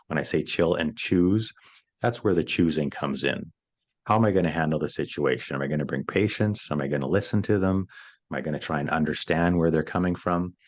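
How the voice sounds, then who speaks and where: A man answering an interview question as a stress coach, earnestly explaining his approach and often repeating words as he starts a thought. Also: deep voice.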